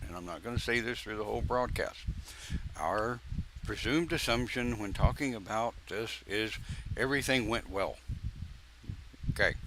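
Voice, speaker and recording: An older man, a pagan minister, giving a folksy, informal live-stream sermon with joking asides and long pauses; his voice sounds croaky. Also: medium pitch, a little hiss or hum.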